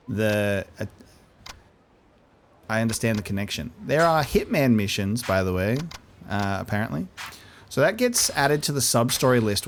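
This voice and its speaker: A man hosting a let's play, chatting casually and jokily while he thinks aloud through a game. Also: mid-range voice. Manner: animated, jokey, thinks aloud. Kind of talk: casual gameplay commentary.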